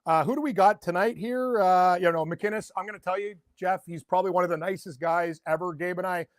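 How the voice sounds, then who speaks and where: A middle-aged man with a notably high voice riffs on his betting picks, rambling and excitable. He keeps throwing out rhetorical questions, and the sound is dry and close with no room around it. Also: a little fast, no room sound. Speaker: sports betting guest. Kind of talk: casual sports betting chat.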